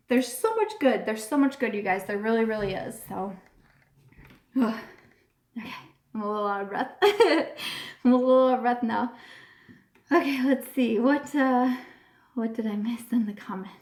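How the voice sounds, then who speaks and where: A woman hosting a casual live-stream chat, talking in a gushing, earnest way and often repeating herself. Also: mid-range voice. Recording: roomy echo.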